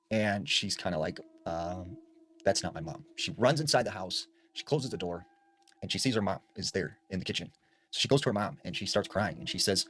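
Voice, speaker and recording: A man's voice: low voice, lively intonation, fairly quick. A man casually telling a scary story, slipping into the voices of the people in it as he talks. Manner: conversational, acts out the quoted lines.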